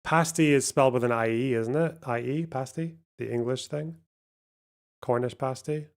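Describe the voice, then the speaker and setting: At a normal speed and in a mid-range voice, this live streamer chats casually, reads out donations, and mutters and curses as he talks himself through a word puzzle.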